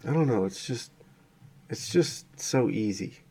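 A man in relaxed, easygoing casual chat with a friend, dry in his remarks. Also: mid-range voice, measured pace, slightly rough, no room sound.

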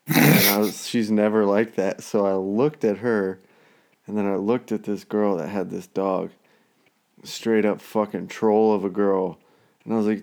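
A man in his thirties, a dad, in casual chat, blunt and quick to swear, laughing along. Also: fairly low pitch, flat delivery, a little mellow. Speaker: friend chatting, a dad.

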